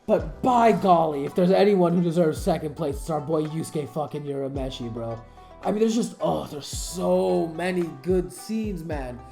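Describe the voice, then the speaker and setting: Excitable, profane woman fan commentator. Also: low-pitched, normal speed, creaky. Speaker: anime commentator. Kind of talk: casual commentary. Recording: echoey room, faint music.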